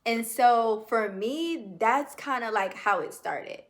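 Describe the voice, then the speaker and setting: Slow, heartfelt young woman vlogging. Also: fairly high pitch. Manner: slow, reflective and heartfelt, addresses viewers as y'all; casual with many fillers. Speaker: video journal creator. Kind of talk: personal video journal.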